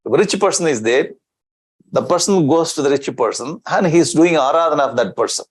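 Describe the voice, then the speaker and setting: A man's voice: a little high, animated, brisk, breathy edge, low-quality recording. A man giving a scripture discourse as a swami, chanting Sanskrit verses and explaining them in with rhetorical questions.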